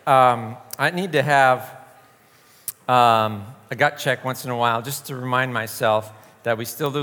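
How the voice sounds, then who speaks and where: A man's voice: mid-range voice, a bit bright, in a large hall. A man leading an informal youth group talk, a joking storyteller who acts out quoted voices.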